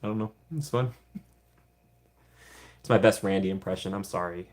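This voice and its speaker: Speaking low and at a moderate pace, a man answers live chat on his stream. He keeps it casual and playful, giggling often as he replies to comments.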